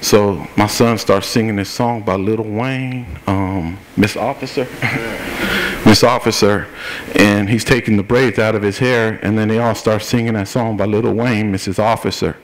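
At a political forum, a middle-aged male activist gives a plain-spoken personal account, walking through events step by step and acting out what each person said. His voice is on the low side, fairly even and unhurried, recorded in a meeting room with a little hiss or hum.

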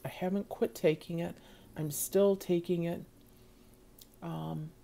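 A woman's voice: deep voice, vocal fry, warm tone. A middle-aged woman talking to her viewers in a casual vlog, earnest and rambling, with many fillers. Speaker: vlogger.

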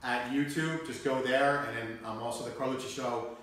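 A man's voice: mid-range voice, steady tone, a little fast, a bit bright. A man hosting his own show, talking loosely and swearing freely in a casual live-stream chat. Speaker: show host. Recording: very echoey room.

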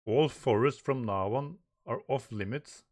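A man reads a comic aloud at a slow, deliberate pace, breaking in with his own remarks. His pitch sits in the middle range, and he often trips over a word and repeats it before pushing on. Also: a little mellow. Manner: halting, stumbles and repeats words while reading; reads the dialogue aloud in lightly raised voices. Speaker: manga reaction host. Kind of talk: reading aloud and reacting.

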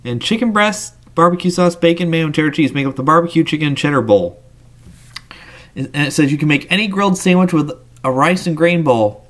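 A man's voice: fairly high pitch, expressive, a little fast, a bit bright. A man reading through a sandwich menu item by item, with casual asides and small slips along the way. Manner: reads menu items aloud in lists, with asides and small slips. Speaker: menu reviewer.

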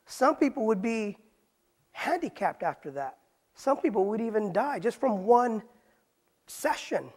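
A pastor preaches a Bible study sermon, posing rhetorical questions and using casual street slang. His voice is very high-pitched and husky, with vocal fry.

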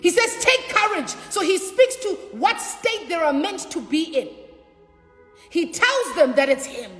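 A woman preaching a sermon with passion, repeating lines and shouting out at times. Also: extremely high pitch, very animated, measured pace, roomy sound, long reverb tail, faint music behind. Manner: impassioned preaching with shouts and repetition.

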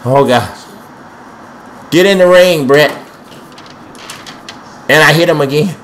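A man's voice: fairly high pitch, takes it slowly, fairly bright tone, a little hiss or hum. A young man giving panicky, trash-talking commentary while playing a wrestling video game, with speech. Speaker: gameplay commentator. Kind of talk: excited let's-play commentary.

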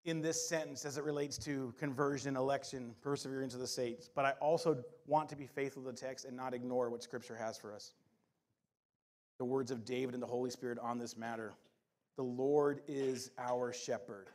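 A middle-aged man preaching a sermon as pastor, mixing scripture reading with playful humor and quick jokes. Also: medium pitch, darkish tone.

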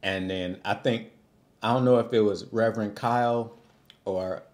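A man's voice: on the low side, steady tone, normal speed, a little mellow. Laughing man recapping a reality show. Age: adult with a young son. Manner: laughs often, loose and joking, acts out quotes.

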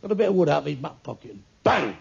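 An older man, a stand-up comedian, telling crude jokes full of swearing with deadpan punchlines. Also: fairly high pitch, racing, vocal fry, slightly rough. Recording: muffled lo-fi with faint hiss.

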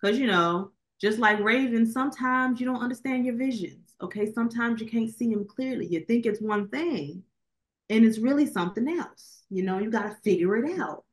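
A podcast co-host with a slightly high voice talks at a normal speed about a film she reviewed. Her casual movie chat rambles along, full of fillers.

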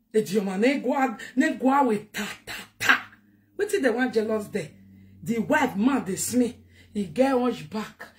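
A woman's voice: fairly high pitch, a little mellow. A Nigerian woman giving a heated monologue to her viewers, scolding and repeating herself, mixing in Yoruba phrases. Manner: ranting, scolding, repetitive, mixes in Yoruba phrases. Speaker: online commentator.

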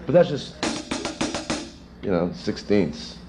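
A man in his thirties, a session drummer, answering students' questions in a rambling, animated way with chuckles, in a music school classroom. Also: fairly low pitch, slow pace. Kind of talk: casual Q&A with students.

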